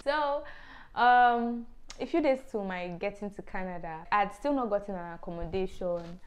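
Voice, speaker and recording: A woman's voice: mid-range voice, moderate pace. Earnest young woman vlogger. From Nigeria. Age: young adult. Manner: earnest, emotional storytelling with many fillers. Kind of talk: personal testimony vlog.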